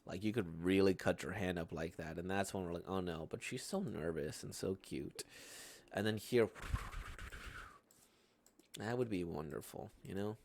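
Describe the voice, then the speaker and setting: Rambling man, low voice. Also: normal speed, gravelly, long pauses, darkish tone. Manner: rambling, hesitant, constant tag questions. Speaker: manga reaction host. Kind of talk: casual reaction commentary.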